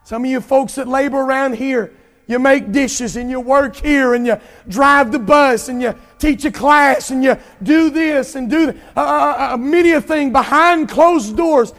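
A pastor preaching an impassioned sermon, drawing out emphatic lines and rising to shouts. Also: male voice, very high voice, a little slow, long reverb tail.

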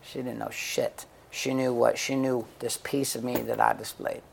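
A man's voice: mid-range voice, little pitch movement, normal speed, creaky, slight background noise. A middle-aged man speaking bluntly and profanely in a candid interview, telling stories with acted-out quotes. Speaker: guest, men's coach and author.

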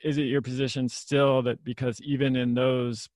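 A man's voice: medium pitch, little pitch movement, normal speed, darkish tone, no room sound. A man hosting a podcast interview, asking long questions full of qualifiers. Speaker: podcast host.

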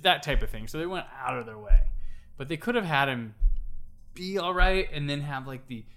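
Man, podcast co-host, casual movie talk, lively swooping pitch, acts out lines. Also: normal speed, clear, resonant tone, faint music behind. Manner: animated, acts out lines in silly voices.

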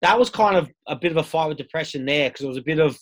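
Candid Australian man, higher voice. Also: animated, fast. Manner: candid, rambling, swears freely, many fillers. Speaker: guest. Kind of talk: casual interview storytelling.

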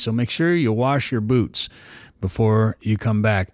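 A man's voice: on the low side, expressive, a little slow, dry recording, studio quality. Man talking through hunting rules. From United States. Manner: rambling, thinks aloud with restarts. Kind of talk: casual hunting talk.

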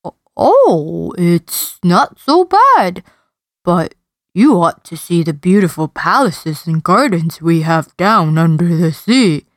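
A woman voicing a boastful, easily frightened male turtle in a storybook reading, speaking slowly with drawn-out emphasis. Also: on the low side, big pitch swings, no echo, pitched below the performer's own voice.

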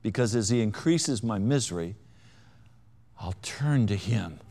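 Animated preacher man, hushed to loud. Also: lowish voice, unhurried. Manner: dramatic swings between hushed and loud; wry, self-mocking humor. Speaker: pastor. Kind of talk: sermon.

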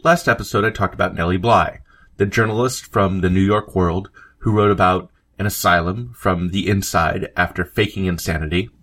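Narrating a scripted history podcast episode with read quotes, this male host speaks at normal speed in a low, slightly bright voice with fairly even intonation. He sprinkles in asides and fillers to keep it conversational.

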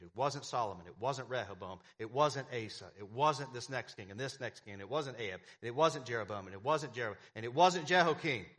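A man's voice: medium pitch, a bit bright. A man preaching a sermon as pastor, emphatic, with repeated phrases and rhetorical questions to the congregation.

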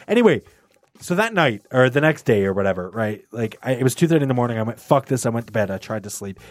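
A young man casually telling a story among friends, animated, swearing a lot and putting on voices for quotes. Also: a little high, dry recording. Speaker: storyteller in group chat. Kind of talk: casual chat.

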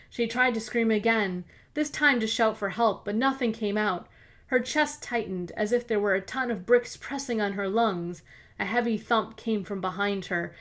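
A woman hosting a podcast, reading a mystery story aloud in steady, evenly paced scripted narration. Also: mid-range voice. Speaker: podcast host and author-narrator.

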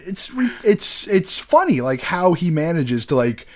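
Laughing podcast host reviewing movies. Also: male voice, a little high, big pitch swings, darkish tone. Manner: laughing, halting with restarts. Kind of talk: casual chat about a movie.

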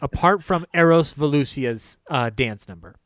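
A man co-hosting a casual film podcast, animated and quick to laugh, acting out quotes in a higher voice. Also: dry recording, clean studio sound. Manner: animated, laughs often, acts out quotes in a high voice. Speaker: podcast co-host discussing old films. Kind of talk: casual chat.

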